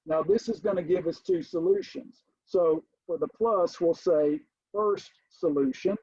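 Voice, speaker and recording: A middle-aged man, a college math instructor, giving a recorded lecture, stressing key points emphatically and addressing the class as ladies and gentlemen. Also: sits high, sing-song, a little slow, creaky, breathy edge, no room sound, dull audio.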